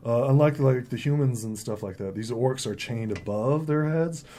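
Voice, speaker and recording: A man's voice: medium pitch, moderate pace, mellow, a little hiss or hum. A man running a tabletop game as game master, narrating in a casual way with many fillers.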